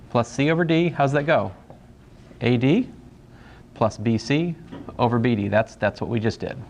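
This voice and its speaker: A man's voice: mid-range voice, slight background noise. A man teaching a college algebra class in a casual, rambling way, restarting phrases and making jokey asides. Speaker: math instructor. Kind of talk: classroom lecture.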